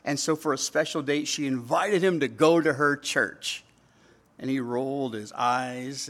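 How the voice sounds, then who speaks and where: A man's voice: medium pitch, fairly even intonation, moderate pace, fairly bright tone. A middle-aged man, preaching a sermon in a conversational way and slipping into quoted voices. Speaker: pastor.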